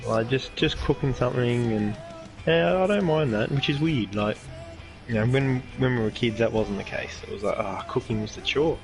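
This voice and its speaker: Aussie bloke rambling on a podcast, pokes fun at himself, laughs a lot, mid voice. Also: male voice, mid-range voice, moderate pace, soft background music. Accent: Australian. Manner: rambling, self-mocking, laughs easily. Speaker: podcast co-host. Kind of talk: casual chat.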